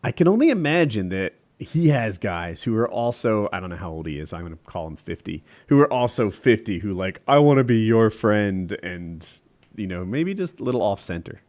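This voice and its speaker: A man's voice: fairly low pitch, big pitch swings, brisk, darkish tone. A man co-hosting a podcast, telling anecdotes in a jokey way. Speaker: podcast co-host. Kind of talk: casual podcast storytelling.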